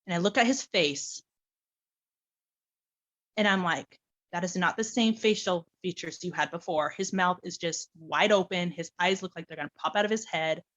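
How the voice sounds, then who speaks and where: Telling her personal adoption story, a woman speaks at normal speed in a fairly low voice, bringing quoted dialogue to life animatedly and often breaking into laughter.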